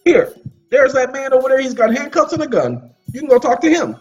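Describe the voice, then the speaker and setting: A man's voice: very high voice, very animated, a little fast, far from the mic, dull audio, faint music behind, pitched above the performer's own voice. A man quoting a dismissive male court clerk in a curt, taunting way.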